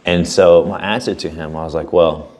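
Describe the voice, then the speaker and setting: A man's voice: low-pitched, fairly even intonation, moderate pace, darkish tone. A young man co-hosting a podcast, casual chat with a fired-up, profane motivational drive. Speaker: podcast co-host.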